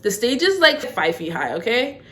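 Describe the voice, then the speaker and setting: A young woman tells a story to her vlog viewers in a lively way, often asking "okay?". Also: a little high, normal speed. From Toronto, Canada. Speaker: vlogger.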